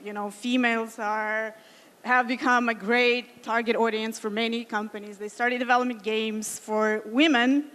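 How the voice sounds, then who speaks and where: A woman in her thirties speaking on a conference stage. Her voice sits somewhat high, and it rings with the long reverb of a large hall. She talks earnestly, in careful second-language English, with many fillers and restarts. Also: a bit bright. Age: 30s. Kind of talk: conference talk.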